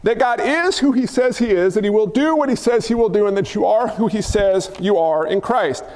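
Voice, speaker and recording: High-voiced pastor in a reverberant hall. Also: male voice, moderate pace, darkish tone. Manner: conversational, rhetorical questions, jokes with the congregation. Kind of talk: sermon. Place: church sanctuary.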